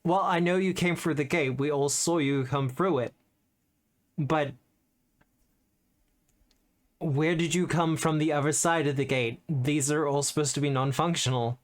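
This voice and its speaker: A man's voice: fairly high pitch, steady tone, measured pace, long pauses, natural voice. A man voicing a wary, blunt elven woman who leads a band of rangers, asking direct questions in a tabletop game. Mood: suspicious. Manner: blunt, matter-of-fact questioning. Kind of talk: tabletop role-play character voice.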